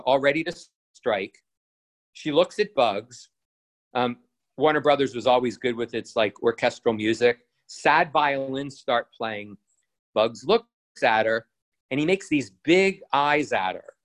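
A man's voice: medium pitch, expressive, unhurried. Rambling man full of ums. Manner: rambling, hesitant, many fillers and restarts. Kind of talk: casual retelling monologue.

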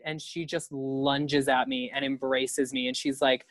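A man's voice: on the high side, flat delivery, normal speed, fairly bright tone, no room sound. A young man and drag performer telling a story in casual conversation, swearing freely, laughing often, acting out the voices of the people in it.

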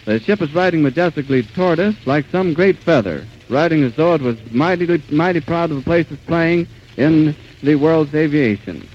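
A man with a high voice delivers live eyewitness radio commentary from an open airfield. He talks with urgency and keeps breaking off and restarting. The sound is muffled and faintly hissy, like an old 1930s radio recording. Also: lively intonation, a little mellow. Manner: urgent, halting, with many restarts. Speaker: radio reporter. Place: outdoors at an airfield.

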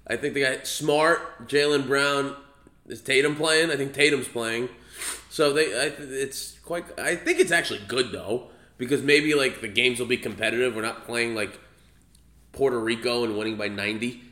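A man's voice: mid-range voice, normal speed, sharp tone. A young man co-hosting a casual sports podcast, joking and rambling with swearing. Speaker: podcast co-host. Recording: echoey room.

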